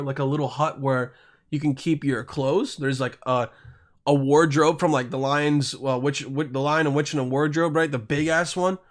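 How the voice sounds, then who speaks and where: A man from Europe rambles through a casual podcast monologue. He swears constantly and trips over his own sentences. His voice sits somewhat high for a man. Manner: rambling, crude, swears constantly, self-interrupting. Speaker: podcast host.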